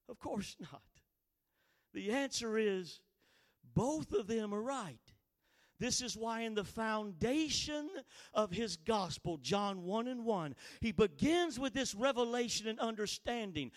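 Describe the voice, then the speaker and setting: A man preaching a sermon, reading scripture slowly and building to impassioned, shouted emphasis. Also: high-pitched, expressive. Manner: reads scripture slowly and deliberately.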